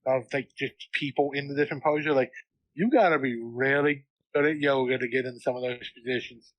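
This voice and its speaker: A man's voice: brisk, a bit bright, dry recording, poor audio. A man co-hosting a podcast, chatting playfully about a movie and acting out lines. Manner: playful, acts out quotes in high voices. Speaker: podcast co-host. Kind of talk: casual movie recap chat.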